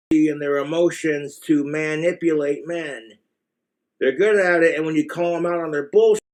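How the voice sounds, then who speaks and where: A man with an American accent giving blunt, crude, rambling relationship advice in a casual monologue to the camera. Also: fairly high pitch.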